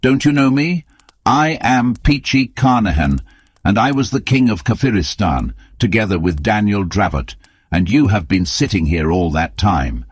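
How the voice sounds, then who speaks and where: A man voicing a ragged, broken male adventurer who croaks out his words urgently in an audiobook. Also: on the low side, lively intonation, normal speed, no echo, voice pushed up.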